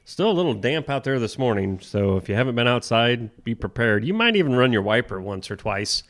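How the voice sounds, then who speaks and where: A man's voice: mid-range voice, very animated, brisk, fairly bright tone. A man co-hosting a morning show, joking around and reading ads and the weather. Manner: joking, laughs often, rambling.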